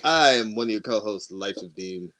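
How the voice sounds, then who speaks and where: A man's voice: fairly low pitch, lively intonation, moderate pace, fairly bright tone. A man co-hosting a podcast, telling a story in casual chat with lots of profanity and laughter. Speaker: podcast co-host.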